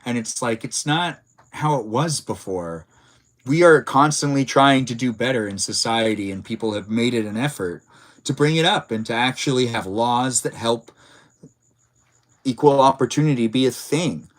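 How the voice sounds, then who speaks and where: A male livestream host speaks at normal speed in a mid-range voice, rambling casually with many filler words. He reads chat messages and reacts to them.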